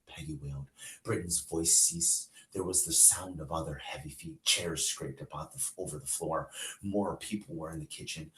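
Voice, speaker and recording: A man's voice: rumbling low, moderate pace, sharp tone. A male teacher reading a novel aloud to his class, with short asides to the students. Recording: echoey room.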